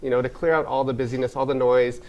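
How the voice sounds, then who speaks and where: A man's voice: medium pitch, fairly even intonation, fast talker, darkish tone, highs cut off. An American man, a wellness spa owner, talking earnestly in a casual interview, rambling with many fillers and restarts.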